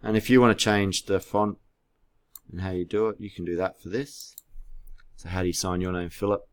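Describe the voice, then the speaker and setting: A man's voice: low-pitched, steady tone, normal speed. A man teaching a class through a screen-recorded tutorial, patient and spelling words out letter by letter, with keyboard clicks behind him.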